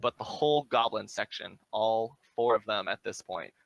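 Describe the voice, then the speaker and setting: A man running a tabletop game as game master, describing scenes in relaxed narration with fillers. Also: lowish voice, moderate pace, creaky, poor audio.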